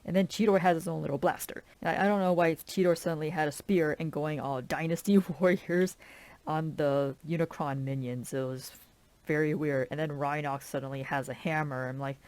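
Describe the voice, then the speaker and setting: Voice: mid-range voice, fairly even intonation, fairly quick, darkish tone. A film reviewer ranting casually, filling every sentence with "like" and sounding fed up with the movie's choices. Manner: rambling, heavy use of "like"; exasperated, complaining.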